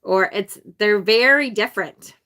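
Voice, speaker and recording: A woman from upstate New York, going by her accent, runs a casual live unboxing of a card deck for her tarot channel, chatting, laughing often and reading viewer comments out loud. She speaks at a measured pace in a mid-range voice with a sharp tone.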